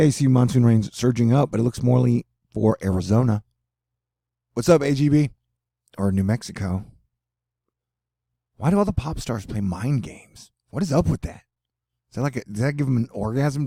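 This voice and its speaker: A man's voice: mid-range voice, creaky, mellow, slightly rough, no room sound, studio quality. A middle-aged man from the United States hosting a casual weather video, rambling and joking with lots of fillers. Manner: rambling, jokey, frequent fillers. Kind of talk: rambling casual vlog commentary.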